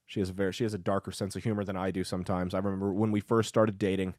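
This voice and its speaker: A man's voice: sits low, level tone, very fast, darkish tone, dry recording, clean studio sound. A man hosting a podcast, delivering a brash, emphatic opinion monologue full of crude jokes. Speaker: podcast host and comedian.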